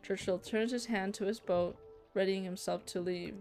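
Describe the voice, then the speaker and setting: A woman plays through a narrative game, reading its text aloud at a middle pitch. She keeps interrupting herself with candid, casual reactions. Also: fairly even intonation, moderate pace, a little mellow, faint music behind. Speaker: let's play gamer.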